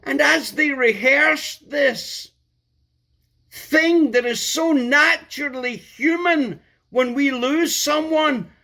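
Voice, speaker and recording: Man preaching, very high voice, slow and deliberate, emphatic repetition. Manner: emphatic, repeats key words, builds to loud outbursts. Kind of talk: sermon.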